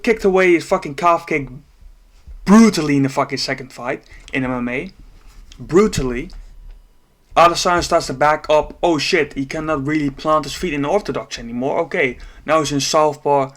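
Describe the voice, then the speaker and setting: A man with a somewhat high voice breaks down a fight in an unscripted rant. He swears freely and sounds exasperated. He laughs in disbelief now and then. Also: fairly bright tone. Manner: profane, exasperated, laughing ranting. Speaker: MMA commentator.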